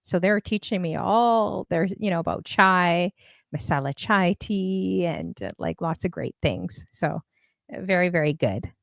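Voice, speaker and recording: A woman's voice: on the low side, expressive, unhurried, gravelly, dry recording. A woman hosting a casual live-stream interview, chatty and a bit scattered. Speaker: host.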